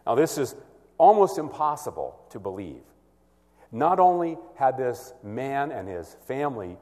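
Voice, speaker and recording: Male preacher, mid-pitched, lively rise and fall, earnest expository delivery, long hall reverb. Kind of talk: sermon.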